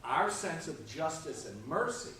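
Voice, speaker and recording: A man's voice: fairly high pitch, big pitch swings, a little slow, pushed and bright, distant mic. A man teaching a conversational Sunday school Bible lesson, often checking in with his class by asking "okay?" and "right?". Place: church classroom. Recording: echoey room, voice from off-mic.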